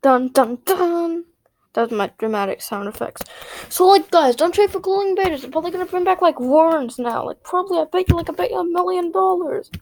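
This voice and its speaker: A woman's voice: very high-pitched, expressive, fast, darkish tone. A female gaming vlog host ranting indignantly in a casual, rambling way, repeating herself and filling with "like".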